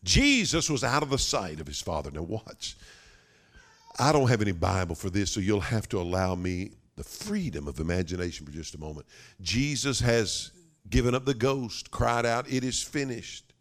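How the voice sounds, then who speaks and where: Dramatic preacher with a low voice. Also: male voice, big pitch swings, fairly bright tone. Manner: dramatic, with sudden drops to a whisper and slowed emphasis. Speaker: pastor. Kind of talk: sermon.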